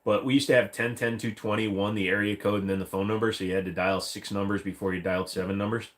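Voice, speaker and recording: A man's voice: lowish voice, steady tone, quick pace. A man from Northern Virginia chatting casually with his live stream viewers, swearing freely and slipping in and out of joke voices. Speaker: streamer answering chat.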